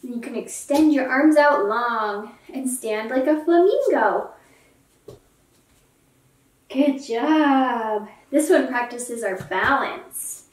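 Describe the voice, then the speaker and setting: A young woman leads children through yoga poses in a high, gentle voice, taking her time and cheering them on. She sounds a little distant from the mic, in a room with a noticeable echo. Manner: gentle, encouraging, playful with animal sounds. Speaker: yoga instructor. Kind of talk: kids yoga class instruction.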